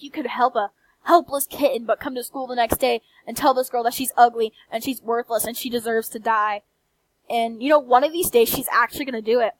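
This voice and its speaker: A young woman with a country accent, ranting in a soft-spoken late-night vlog, candid and blunt with frequent swearing. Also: fairly high pitch, dry recording, low-quality recording. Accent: American country. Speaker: vlogger. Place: quiet room late at night.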